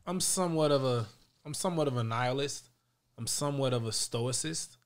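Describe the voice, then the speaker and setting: A man's voice: mid-range voice, brisk, clean tone. A man hosting a podcast in casual chat, rambling and joking, swearing freely. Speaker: podcast host.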